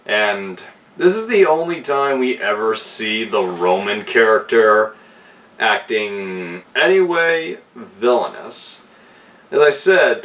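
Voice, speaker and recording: A man giving a casual spoken film review, retelling the plot in an unhurried way with fillers and restarts. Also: lowish voice, a bit bright. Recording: voice distant from the mic.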